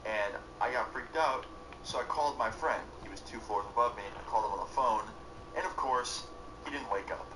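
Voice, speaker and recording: A man's voice: mid-range voice, brisk, noisy background. A young man streaming live, telling a long story in a casual, rambling way full of "like". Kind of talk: storytelling while live gaming.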